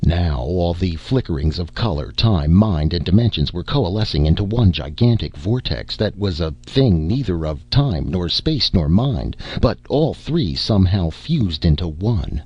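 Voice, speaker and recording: A man narrating a science fiction story in a dramatic, expressive reading. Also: low-pitched, unhurried, hardly any pauses, slightly rough, dry recording. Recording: dull, dry lo-fi recording.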